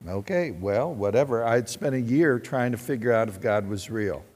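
A man's voice: mid-range voice, lively intonation, normal speed. Preaching man in a reverberant hall. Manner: swings from loud exhortation to quiet storytelling. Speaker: pastor. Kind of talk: sermon. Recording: long reverb with faint music.

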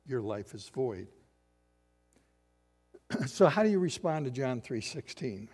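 An older man preaching a sermon as pastor, swinging from loud emphatic lines to quiet hushed ones. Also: mid-range voice, big pitch swings, takes it slowly, breathy edge, faint music behind. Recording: long hall reverb.

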